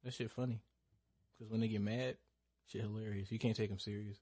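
A man's voice: on the low side, flat delivery, fairly quick, warm tone, husky, no echo. A young man co-hosting a podcast, joking around in casual chat and laughing often. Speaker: podcast co-host.

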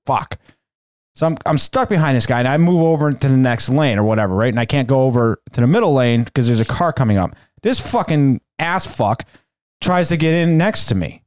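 A man hosting a podcast, telling a rambling, profane story in casual chat with animated quoted asides. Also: medium pitch, brisk, no room sound. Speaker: podcast host.

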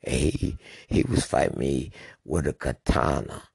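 A man with an extremely deep, gravelly voice tells old stories in a loose, profane way. His pitch swings widely as he acts out noises. The husky sound is close and dry. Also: measured pace, no echo. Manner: animated, swears freely, acts out sounds. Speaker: storyteller. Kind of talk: casual profane reminiscing.

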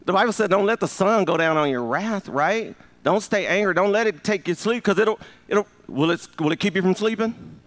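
At a normal pace and with a high-pitched voice, a man in his fifties preaches as a pastor. He's lively and full of jokes, prompting the congregation to answer him.

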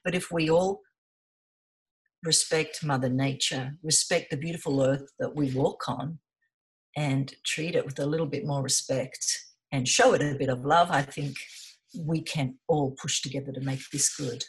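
Low-voiced woman telling her story earnestly. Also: fairly even intonation, moderate pace. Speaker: interview guest, environmental volunteer. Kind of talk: conversational interview.

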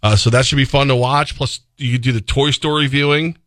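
Radio sports guy rambling casual, mid pitch, dead dry studio mic. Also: steady tone, brisk, fairly bright tone, no echo. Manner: chatty, rambling, laughs easily. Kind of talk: casual sports radio chat and live read. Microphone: studio microphone.

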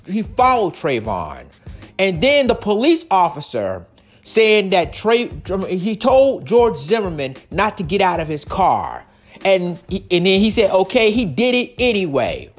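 Angry, animated male podcast host. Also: sits high, measured pace, soft background music. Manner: profane, indignant, emphatic.

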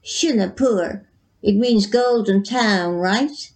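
Lady putting on a nasty gloating witch, takes her time w every threat. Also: mid-range voice. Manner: slow, drawn-out gloating delivery. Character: evil cackling female witch, gloating and cruel.

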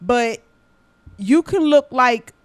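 A woman hosting a podcast, talking in casual chat, blunt and profane, telling animated stories. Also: fairly high pitch, slow. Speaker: podcast host.

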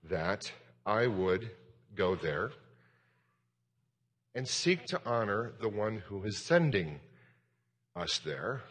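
A man's voice: fairly low pitch, fairly bright tone, husky, long reverb tail. A man, a pastor, giving a sermon in a candid, self-deprecating and rambling way.

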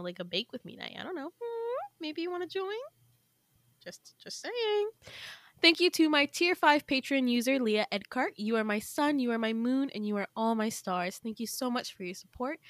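A woman's voice: mid-range voice, fairly bright tone, no echo, clean studio sound. A woman hosting a podcast, chatting playfully and rambling a little with fillers as she wraps up the episode. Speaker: podcast host. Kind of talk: casual podcast outro.

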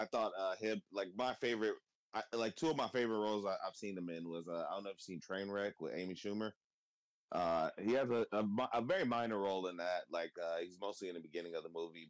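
A man with a low voice talks in loose, rambling casual chat, full of fillers and cursing. His voice sounds dry and close, with no room around it. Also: no room sound. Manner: rambling, swears freely, many fillers. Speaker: podcast co-host.

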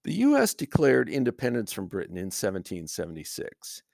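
Dry-voiced older male podcast host, gravelly. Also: fairly low pitch, huge pitch swings, fairly quick, a little mellow, no echo. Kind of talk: solo podcast commentary.

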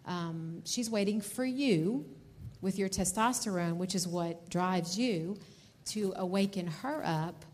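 A woman's voice: lowish voice, takes it slowly, a little mellow, slight background noise. A woman teaching couples at a marriage seminar, speaking directly and often checking in with "okay?".

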